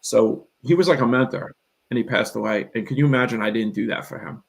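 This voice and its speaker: A man's voice: medium pitch, a little fast, creaky, rough recording. A middle-aged man telling a long personal story in a live interview, earnest and rambling, often acting out what he and others said. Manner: earnest, rambling, emphatic, quotes himself and others. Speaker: real estate investor and coach.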